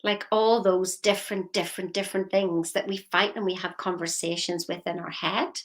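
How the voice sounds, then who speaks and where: A woman's voice: lowish voice, fairly even intonation, normal speed, hardly any pauses. A woman giving a motivational talk as a coach, firing repeated questions at the listener.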